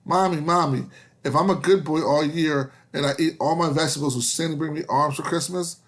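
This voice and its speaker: A man voicing an eager little boy who pleads excitedly in a joke he tells. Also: a little high, brisk, close to an everyday voice. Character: eager little boy born as just a head.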